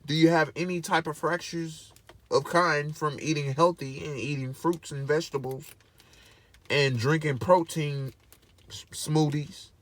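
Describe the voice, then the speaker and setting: A man's voice: a little high, steady tone, measured pace, fairly bright tone, dry recording. A man vlogging in casual to-camera commentary, emphatic and preachy, repeating his points over and over.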